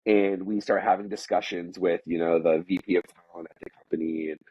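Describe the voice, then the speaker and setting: A man with a low, slightly husky voice tells a story from his working life in an easy, conversational way. He rambles, fills his sentences with "like," and restarts his thoughts often. The recording sounds dull and lo-fi, with a dry, close sound. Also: steady tone, fairly quick, a little mellow, no room sound. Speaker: podcast guest telling a work story. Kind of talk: casual storytelling.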